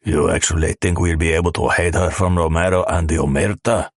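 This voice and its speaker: Brief: a man reading gruff, menacing criminals, deep-voiced, crude, dry studio sound. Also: steady tone, fairly quick, no room sound. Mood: scheming. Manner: crude, menacing, tough-talking. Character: gruff male smugglers and mafia man. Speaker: audiobook narrator. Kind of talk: scripted audiobook narration.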